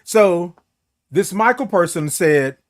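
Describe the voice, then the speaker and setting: A man's voice: high voice, animated, slow, dry recording, studio quality. A man hosting a morning livestream, chatting casually with viewers in a playful, flamboyant way and stretching out his greetings. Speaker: host of a morning livestream show. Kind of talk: casual livestream chat reading viewer comments.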